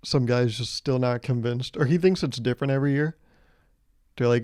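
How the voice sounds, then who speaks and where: A man's voice: mid-range voice, fairly quick, a little mellow, dry recording, studio quality. A young man in his twenties hosting a solo comedic podcast, rambling sarcastically, swearing freely and acting out little scenes. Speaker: podcast host.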